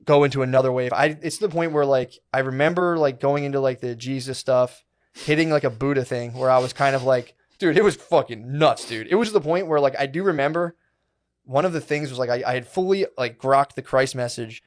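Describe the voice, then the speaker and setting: A man's voice: medium pitch, brisk. A man in his thirties, a podcast co-host, telling a rambling, profane story in a casual chat and acting out what people said. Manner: rambling, profane, animated retelling with quoted inner voices.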